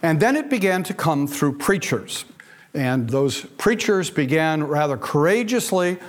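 A man's voice: on the high side, very animated, unhurried. A man teaching a church history lecture in a conversational way, with dry, humorous asides. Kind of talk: classroom lecture.

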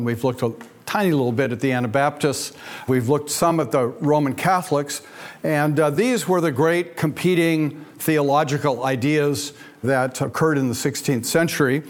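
Guy lecturing on history, chatty and a bit wry, slightly higher voice. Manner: conversational, with wry humorous asides. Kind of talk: classroom lecture.

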